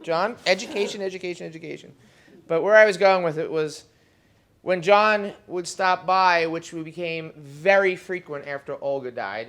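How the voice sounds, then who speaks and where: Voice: mid-range voice, fairly bright tone. Funny storytelling funeral director eulogizing. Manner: conversational storytelling, acts out dialogue with humor; talks straight to the mourners, pausing often. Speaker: emergency medical technician. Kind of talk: eulogy at a memorial service. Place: funeral home service room.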